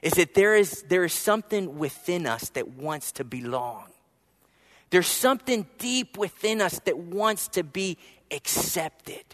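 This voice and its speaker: A man preaching a sermon, telling a personal story, with soft asides and emphatic rises. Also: high-pitched, very animated, a little slow, long reverb tail. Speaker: pastor.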